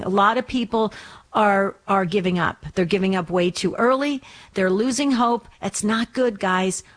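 A woman hosts a call-in radio program at an unhurried pace. She sounds encouraging and speaks at a middling pitch. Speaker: radio host. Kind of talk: call-in radio show hosting.

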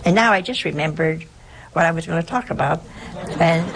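An older woman, a nun, telling her life story in a chatty, unhurried way with asides like "you know" and "see". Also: low-pitched, gravelly, a loud crowd, very noisy. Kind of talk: personal storytelling.

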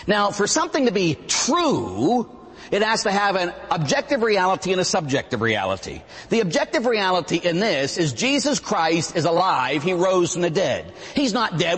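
Man, middle-aged priest, sermon, husky voice, long hall echo. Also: high voice. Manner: animated, mimics voices and sound effects. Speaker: Catholic priest.

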